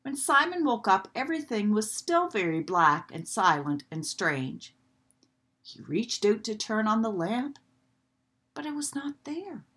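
A woman reading a children's storybook aloud in a gentle, expressive way. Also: a little high, a little slow, husky.

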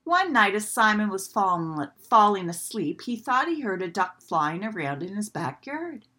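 Gently and expressively, a woman reads a children's storybook aloud. Her voice sits at medium pitch, and her pace is moderate.

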